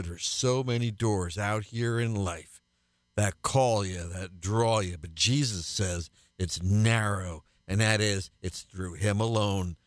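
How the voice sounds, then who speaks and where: A man's voice: lowish voice, slow pace, no echo, clean studio sound. A man hosting a radio Bible teaching program as pastor, speaking earnestly and building to emphatic repeated refrains.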